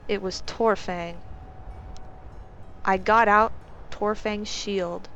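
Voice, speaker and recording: A woman voicing a stern, probing male guard captain who asks measured questions. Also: mid-range voice, fairly even intonation, a bit bright, muffled recording, slight background noise.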